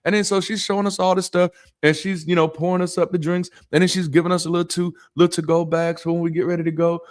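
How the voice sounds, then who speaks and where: A man's voice: sits high, quick pace. A man in his thirties from the Southern US with a Southern accent, hosting a casual live chat and telling jokey stories. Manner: animated storyteller, jokey, laughs often. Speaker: host.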